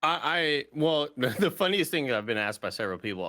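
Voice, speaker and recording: A man's voice: medium pitch, expressive, fairly quick, few pauses, sharp tone. A man on a podcast who is sick with no sense of taste, telling stories in laid-back casual chat. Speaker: podcast co-host.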